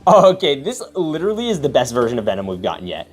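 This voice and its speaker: A young man hosting a casual toy unboxing, talking in an excitable, slangy way as he reacts while building. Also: medium pitch, fast talker, slightly rough.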